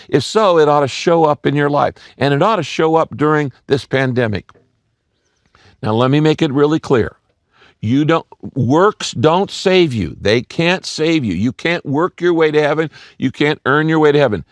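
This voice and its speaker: An older male pastor delivers a sermon in a storytelling way, playing the people in his stories and repeating his main points. His voice sits at a middling pitch. The sound is dry and close, with little room echo. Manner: storytelling preacher, acts out quoted voices, repeats key lines.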